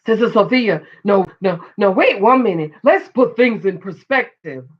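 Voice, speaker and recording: A woman reading the part of a pastor's wife who fussily tries to calm a quarrel. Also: mid-range voice, moderate pace, husky. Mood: flustered. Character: pastor's wife, flustered church first lady. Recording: dull lo-fi recording.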